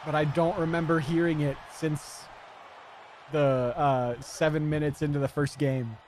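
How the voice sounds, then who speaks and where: A man's voice: on the high side, steady tone, measured pace, very noisy. A man streaming live, chatting casually, rambling and swearing as he answers his chat.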